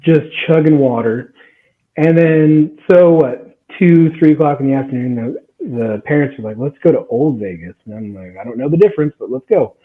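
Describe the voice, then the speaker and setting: A man's voice: mid-range voice, normal speed. A man in his twenties casually telling a story on a podcast, laughing and acting out what people said. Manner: animated, laughing, acts out quotes. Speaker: guest storyteller. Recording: tinny phone-like sound.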